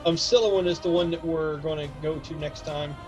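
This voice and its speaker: A man acting as game master, narrating a tabletop game with lively asides and counting out distances aloud to his players. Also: a little high, moderate pace, faint music behind.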